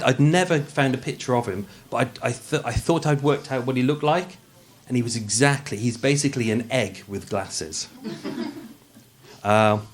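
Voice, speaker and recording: Husky, lively-voiced true-crime host. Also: male voice, mid-range voice. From Birmingham, England. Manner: jokey, digressive, stumbles and restarts often. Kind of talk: live true-crime storytelling with comic asides.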